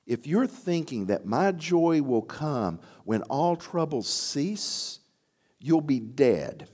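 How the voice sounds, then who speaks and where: A man preaching a sermon, moving from quiet reflection to emphatic, rising declarations. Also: fairly high pitch, slow pace. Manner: animated, rising to emphatic near-shouts on key phrases. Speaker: pastor.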